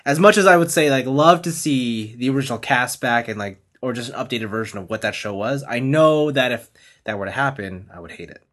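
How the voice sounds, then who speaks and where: A man's voice: medium pitch, animated, fairly quick, a bit bright. Easygoing man in casual podcast chat. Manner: agreeable, frequent "yeah" backchannels. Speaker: podcast co-host.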